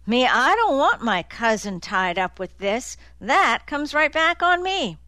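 A woman reading the lines of a big, slow-witted young man who grumbles and gets defensive. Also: high voice, sing-song, bright, forceful tone, no room sound, voice pushed up, heavily acted. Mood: sullen, grumbling.

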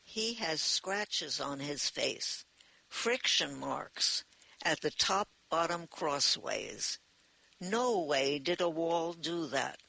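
A man voicing a seething male crewman who speaks slowly and insistently. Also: a little high, animated, creaky, bright, forceful tone, no echo, exaggerated voice, low-quality recording. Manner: slow, insistent.

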